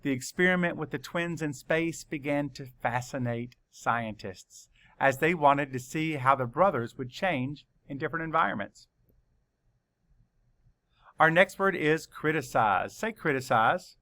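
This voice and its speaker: A man leads a children's spelling lesson at an unhurried pace, sounding out each letter carefully. His voice is bright and forward, with a measured, patient delivery. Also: fairly high pitch, expressive. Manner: slow, deliberate letter-by-letter dictation. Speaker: teacher.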